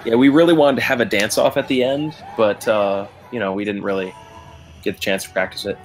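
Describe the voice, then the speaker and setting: Low-voiced man joking through commentary. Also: fairly quick, faint music behind, poor audio. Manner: relaxed, joking. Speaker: cast member commentator. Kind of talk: casual commentary.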